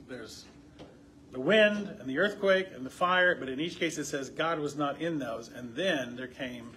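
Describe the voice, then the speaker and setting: A man's voice: fairly high pitch, fairly bright tone, a little hiss or hum. A man leading a Bible study, asking the group questions and reading passages aloud with rising emphasis. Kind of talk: conversational Bible teaching.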